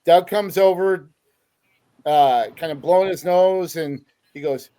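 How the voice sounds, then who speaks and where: A man's voice: a little high, measured pace, dark tone. A man hosting a sports podcast, telling stories in a chatty way with lots of fillers. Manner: chatty storyteller with many fillers. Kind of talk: casual podcast interview.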